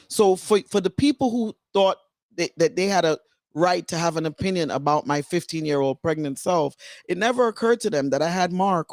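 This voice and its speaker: A woman's voice: low-pitched, dry recording. Woman, author guest, emotional personal story, near tears, candid, dry close sound. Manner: candid, digressive, fighting back tears.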